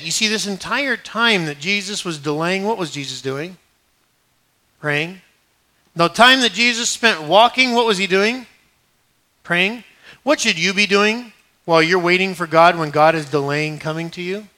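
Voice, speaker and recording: Bright high-pitched male preacher. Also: expressive, normal speed. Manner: swings from hushed to emphatic, paraphrases scripture conversationally. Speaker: pastor. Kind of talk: sermon.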